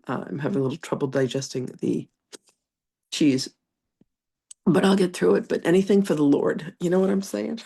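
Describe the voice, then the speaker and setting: A congested woman, a reverend and psychic medium, chatting through stories and reading a spiritual lesson. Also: low-pitched. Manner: chatty, animated anecdotes with frequent laughter. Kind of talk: casual storytelling, then reading a channeled message.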